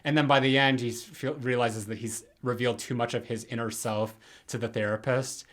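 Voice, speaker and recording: A man co-hosting a podcast in casual chat, retelling things in a relaxed way with many fillers. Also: medium pitch, brisk. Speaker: podcast co-host.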